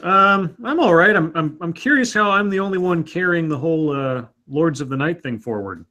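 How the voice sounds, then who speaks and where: A man with a somewhat high voice cohosts a livestream chat. He jokes wryly and hesitates, restarting his sentences before landing the point. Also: animated, moderate pace, sharp tone, lo-fi sound. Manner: wry, joking, hesitant restarts.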